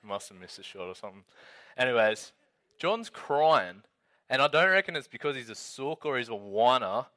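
A man's voice: mid-range voice, big pitch swings, normal speed, sharp tone. A young man, a youth leader telling a story and reading scripture in a chatty, casual way full of "like" and "um".

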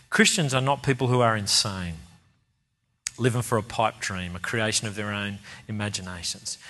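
A man's voice: medium pitch, sharp tone. A man preaching a sermon. He speaks earnestly and with emphasis, repeating key phrases for stress.

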